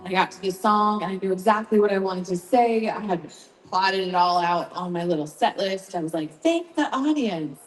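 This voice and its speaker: A woman singer-songwriter telling a lively story between songs at a live gig, acting out what people said. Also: on the low side, brisk. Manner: chatty, animated storytelling with acted-out quotes. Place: brewery venue, indoors. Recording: roomy live sound with long reverb. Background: guitar.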